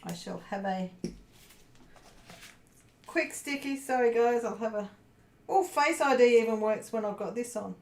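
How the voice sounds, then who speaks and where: This woman's voice sits on the high side, and she keeps a measured pace broken by long pauses. She chats loosely with viewers on a crafting livestream, murmuring to herself as she works, in an echoey room with faint background noise.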